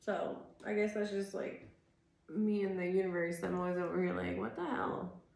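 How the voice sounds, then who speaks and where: A woman's voice: on the low side, steady tone, normal speed, vocal fry, a little mellow. A woman in her thirties giving a casual tarot reading, ranting in a rambling, exasperated way, swearing often and filling her talk with "like". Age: 30s. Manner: rambling, exasperated and profane, full of "like". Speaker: tarot reader. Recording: echoey room.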